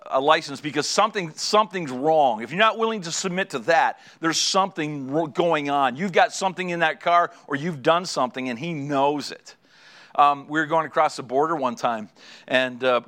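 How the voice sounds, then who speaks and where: A middle-aged man preaching a sermon, telling a story in a lively way and acting out the people in it. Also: a little high. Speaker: pastor.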